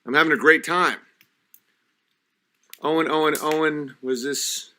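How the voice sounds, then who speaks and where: A high-voiced man who rants on a livestream, swearing and arguing with his chat. His voice is bright and sharp, and a few drinks loosen his delivery. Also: steady tone, a little slow. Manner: agitated, profane, reading chat comments aloud. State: has been drinking. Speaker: livestream host.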